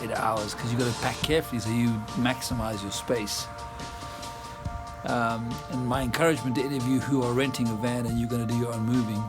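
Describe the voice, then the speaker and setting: A South African-born man vlogging outdoors, chatting casually and laughing often as he tells a tired, rambling story. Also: mid-range voice. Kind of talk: casual vlog chat. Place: outdoors, garden and yard.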